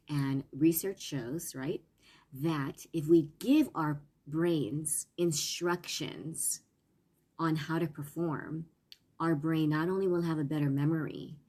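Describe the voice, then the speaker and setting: A woman's voice: sits low, mellow, breathy edge. A woman parenting coach and teacher giving a casual live-stream talk, earnest and meandering, with restarts.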